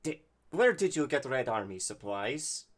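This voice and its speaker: A man plays a sarcastic officer in a tabletop game. He speaks slowly, in clipped and broken sentences. The delivery stays flat and deadpan. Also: mid-range voice, slight background noise. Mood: scornful. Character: sarcastic Eastern European male officer posing as a priest.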